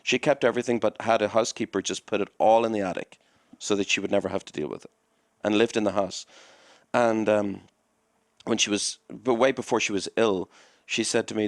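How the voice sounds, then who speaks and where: Male club owner as podcast guest: low voice, rambling storyteller who acts out the dialogue, dry close mic. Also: steady tone, a little fast, dry recording. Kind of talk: conversational storytelling.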